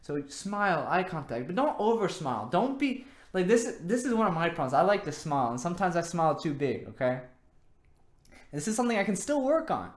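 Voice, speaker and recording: A man's voice: high voice, sing-song, brisk. A man hosting his own vlog, giving dating advice in a rambling, casual monologue, repeating words and saying "you know" often. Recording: echoey room.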